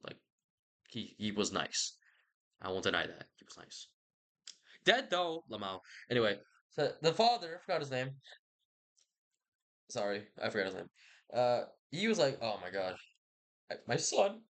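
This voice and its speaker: A man's voice: mid-range voice, sing-song, moderate pace, pauses often, a bit bright. Slangy, rambling man recapping a book. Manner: loose, slangy and profane, with jokey asides and mock voices. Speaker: book vlogger.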